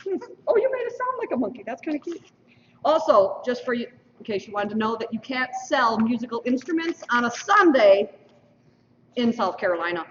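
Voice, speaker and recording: Lively woman emceeing in a distant hall. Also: a little high, fairly quick, slight background noise. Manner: playful, teasing trivia asides. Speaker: emcee of a school mock election. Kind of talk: lively announcing to an audience. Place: school hall. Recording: dull lo-fi stream, roomy hall from afar.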